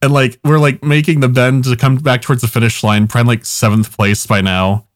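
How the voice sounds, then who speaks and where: A man's voice: mid-range voice, level tone, fairly quick, no room sound. Dry-sounding young man telling a rambling story. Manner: rambling, swears often, laughs at his own stories. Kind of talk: casual storytelling chat.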